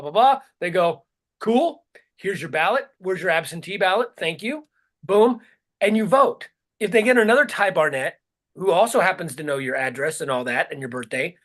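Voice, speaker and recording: A podcast co-host with a high-sitting, fairly bright voice rants in casual chat. His talk is heated, profane, and rambling.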